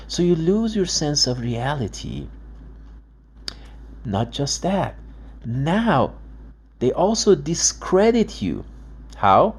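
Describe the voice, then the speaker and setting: A man's voice: on the high side, big pitch swings, slow, pauses often, a little hiss or hum. A man speaking in an emphatic monologue, acting out dialogues and restarting his words often. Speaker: father and video blogger. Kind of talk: emotional monologue commentary.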